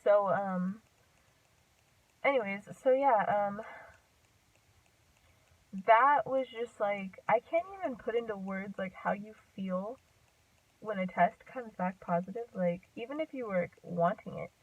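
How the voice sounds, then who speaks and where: A woman's voice: mid-range voice, unhurried, pauses often. A young woman of about twenty tells a personal story to camera in a casual, rambling way, full of "like" and "um" and frequent self-corrections. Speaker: vlogger. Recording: tinny, phone-like sound from a distance off the mic.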